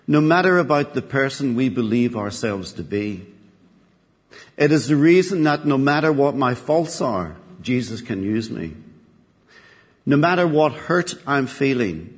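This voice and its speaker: A man preaches in a church, his voice carrying a long reverb through the hall. He builds his points with rhythmic repetition and tells stories with lively energy. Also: medium pitch. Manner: animated storytelling, building repetition. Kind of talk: sermon with a joke.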